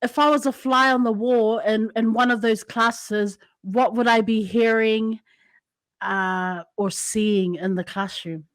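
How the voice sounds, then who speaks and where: A woman's voice: on the high side, fairly even intonation, dry recording. Bubbly Kiwi woman, dry close sound. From Samoan heritage, New Zealand. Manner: bubbly, teasing, quick laughs. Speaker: podcast host. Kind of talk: casual chat.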